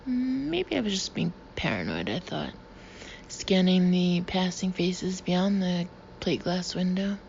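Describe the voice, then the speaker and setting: Woman, audiobook narration, hushed and breathy, gravelly, slightly dull recording. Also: lowish voice, very animated, slow pace, slight background noise.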